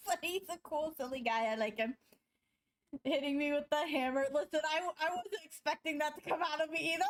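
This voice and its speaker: A high-pitched woman chats with her live stream audience while she draws. She rambles playfully, breaking into giggles mid-sentence and teasing herself. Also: normal speed. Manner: playful self-mocking banter. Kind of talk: casual chat to stream viewers while drawing.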